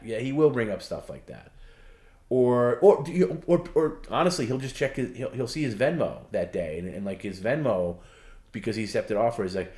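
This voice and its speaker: A man's voice: on the low side, animated, moderate pace, a little mellow. A man with a dry throat, rambling and hesitant as he answers viewer questions as a stream co-host. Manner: rambling, hesitant, self-correcting. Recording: roomy echo.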